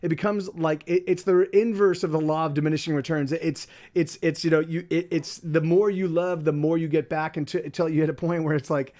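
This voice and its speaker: High-voiced man rambling casually. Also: steady tone, a little fast, hardly any pauses. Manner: rambling, many restarts and repeated words; soft baby talk to his dog. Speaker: livestream host. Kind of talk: casual chat.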